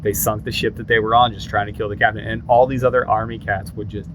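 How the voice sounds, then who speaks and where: A man's voice: on the low side, quick pace, low-quality recording. A man in his forties telling stories in a casual podcast chat. He acts out the lines of the people in his stories. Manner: animated storyteller who acts out other people's lines. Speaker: podcast co-host. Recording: steady background noise.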